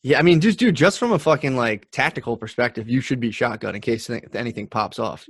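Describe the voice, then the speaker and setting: Fast-talking man. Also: medium pitch, breathy edge, no room sound, studio quality. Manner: rapid, profane storytelling with sudden shouted quotes. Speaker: podcast co-host. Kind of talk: casual storytelling chat.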